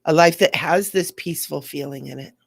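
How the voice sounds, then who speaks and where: A woman's voice: deep voice, fairly quick, creaky, no room sound, clean studio sound. A woman giving an earnest spiritual teaching talk, now and then acting out the voices she quotes.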